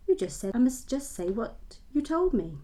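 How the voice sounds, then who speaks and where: A woman's voice: on the high side, very animated, normal speed, mellow, voice pushed up. A woman reading a novel aloud and voicing a simple, innocent young woman with a West Country accent, in a naive, placid manner. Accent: West Country English. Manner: naive, placid, matter-of-fact.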